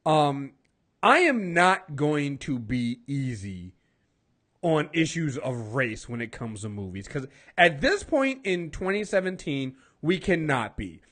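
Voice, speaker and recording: High animated man reviewing films. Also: slow. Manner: blunt, passionate, repeats words when fired up. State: has been drinking. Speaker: podcast co-host, film reviewer. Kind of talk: casual film review chat.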